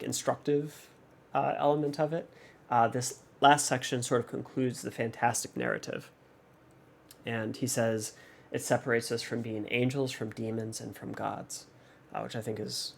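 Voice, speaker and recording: A man's voice: medium pitch, gravelly. A man hosting a music reaction channel, analyzing a song in a thoughtful, hesitant way with many fillers and restarts.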